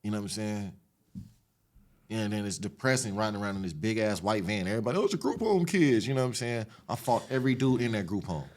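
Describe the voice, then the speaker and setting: A man's voice: lowish voice, quick pace. Man telling a street story. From Los Angeles area. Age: adult, after an 18-year sentence. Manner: animated, streetwise, profane retelling. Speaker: podcast guest. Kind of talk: casual storytelling interview.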